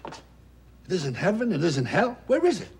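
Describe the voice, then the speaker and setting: An actor playing a loud, wisecracking, self-pitying middle-aged talent agent in a 1970s television drama. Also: male voice, high voice, huge pitch swings, measured pace, creaky, husky, full character voice. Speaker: theatrical agent.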